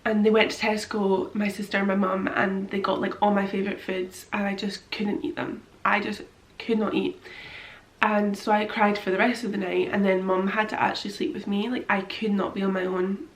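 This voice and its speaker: A woman's voice: medium pitch, reverberant, rough recording. A young woman, tearfully telling a personal story to camera in a rambling way, full of fillers. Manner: rambling, many fillers, quotes her own thoughts. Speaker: vlogger.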